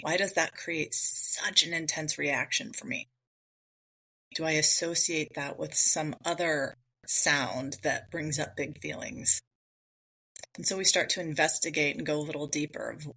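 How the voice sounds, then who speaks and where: Low, bright-toned woman musing on mindfulness. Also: measured pace, husky, rough recording. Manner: conversational, thinking aloud with rhetorical questions. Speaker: podcast host. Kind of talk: solo reflective talk on mindfulness.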